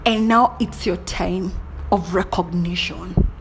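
A woman speaks in a theatrical, motivational monologue, taking her time over each phrase. She slides from hushed whispers into loud bursts and laughs at herself along the way. A faint background hiss sits under her voice. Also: on the low side, takes it slowly.

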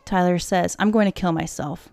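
A woman's voice: on the low side, fairly even intonation, normal speed, vocal fry, darkish tone, no echo. A woman hosting a podcast, telling a crime story casually with indignant, profane asides and sudden whispered remarks. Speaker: true crime podcast host.

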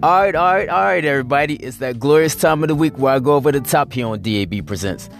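A man's voice: fairly high pitch, expressive, fast, creaky, soft background music. A man hosting his weekly show, talking in a blunt, rambling, profane casual monologue. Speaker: host.

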